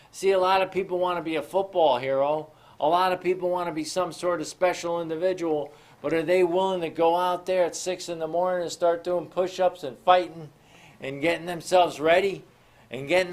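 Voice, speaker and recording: Fairly high-voiced man giving a motivational talk. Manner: preachy, addresses listeners as folks, asks rhetorical questions. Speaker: motivational show host.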